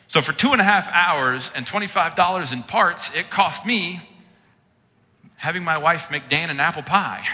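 A man delivers a sermon as pastor, slipping into vivid acted-out reactions as he tells stories. His voice is strikingly bright and forceful, a bit higher than most men's. The sound hangs in a long hall reverb. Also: brisk. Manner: animated storytelling, acting out his own reactions.

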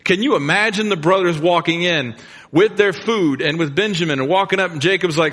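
A middle-aged male pastor preaching in a loose, everyday way, as if chatting with the congregation. His voice sits a little higher than most men's. It carries a long reverb, as in a big sanctuary. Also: brisk, fairly bright tone. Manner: casual, conversational storytelling with plain slang. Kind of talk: sermon. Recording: long reverb of a large room.

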